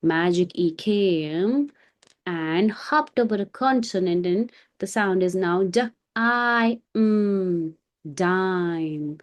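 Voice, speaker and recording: Slow, patient woman phonics teacher. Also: on the low side, darkish tone. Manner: slow, patient explaining with storytelling. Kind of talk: children's phonics lesson with story.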